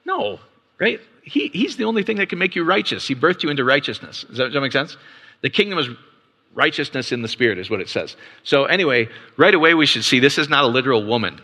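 This man's mid-range voice is sing-song, fast, pushed, and bright as he casually teaches the Bible with slides to a live audience. He often asks "right?" and keeps restarting and stammering, while the large hall around him adds a long reverb.

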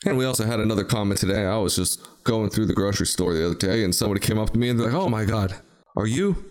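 A man's voice: on the low side, very fast, a little mellow, smooth. A man hosting a podcast in casual chat, telling rambling, jokey stories. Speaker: podcast host.

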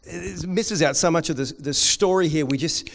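Male preacher, sermon delivery, long hall echo, shifting from hushed to energetic. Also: a little high, moderate pace, gravelly. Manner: swings from quiet intensity to loud excited storytelling.

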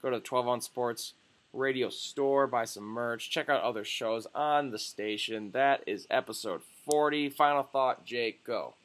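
Excitable young man hosting a sports podcast. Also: mid-range voice, a little slow. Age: young adult. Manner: excitable, swearing, jokey. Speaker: podcast co-host. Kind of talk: casual sports podcast chat.

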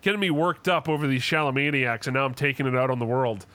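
A man's voice: medium pitch, quick pace, pushed and bright, no room sound. A young man co-hosting a podcast, ranting and swearing in casual chat, acting out quotes as he goes. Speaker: podcast co-host.

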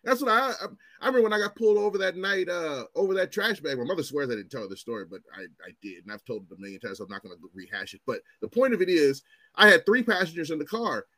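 A man in his forties tells stories in a loose, swearing ranting style, his voice leaping up and down as he acts out what others said. He sits slightly high for a man. The sound is dry and close, with no room to it. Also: quick pace, no echo. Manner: animated, profane, acts out quotes in raised voices. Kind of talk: casual chat, storytelling.

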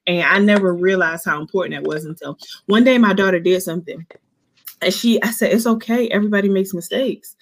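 A woman in her thirties hosting a casual faith podcast, speaking in an earnest, animated, preachy way while eight months pregnant. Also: mid-range voice, fairly quick. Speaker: podcast host. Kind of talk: casual Christian podcast chat.

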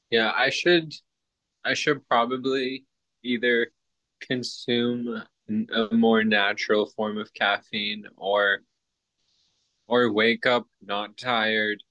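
Slow-talking teasing podcast host, man. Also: fairly low pitch, flat delivery, sharp tone, poor audio. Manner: teasing, amused, rambling. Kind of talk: casual podcast chat.

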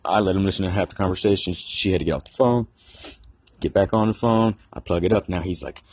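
A man's voice: sits low, fast talker, darkish tone, no room sound. A man telling a rambling, profane story in a casual rant. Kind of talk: casual ranting anecdote.

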